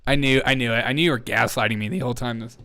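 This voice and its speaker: A man's voice: medium pitch, rapid-fire, sharp tone. A man hosting a live comedy news show, mocking clips with sarcastic commentary, laughing often and talking to his chat.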